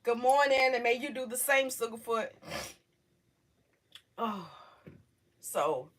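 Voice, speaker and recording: Direction A middle-aged woman, emotional and halting, hosting a livestream. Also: fairly high pitch, lively intonation, a bit bright. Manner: emotional, halting, talks straight to viewers. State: on the verge of tears. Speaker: livestream host. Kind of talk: casual livestream chat.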